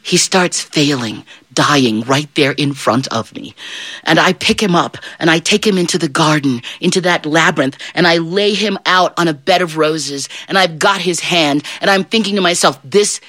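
Bright, animated woman storyteller. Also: deep voice, moderate pace, no echo. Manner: animated, swooping voice and playful asides. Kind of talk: first-person storytelling as a fairy godmother.

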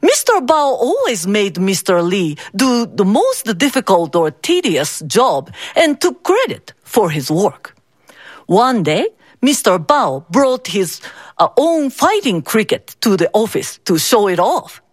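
A woman telling a folktale in an expressive, unhurried manner. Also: medium pitch, no room sound, studio quality. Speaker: storyteller. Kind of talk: folktale storytelling.

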